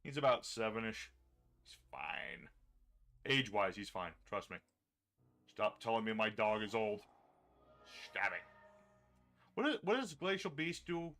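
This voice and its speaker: A man's voice: on the low side, expressive, a little slow, pauses often, pushed and bright. A man streaming a card game live, chatting casually, thinking aloud about his moves and answering his chat. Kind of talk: casual livestream commentary.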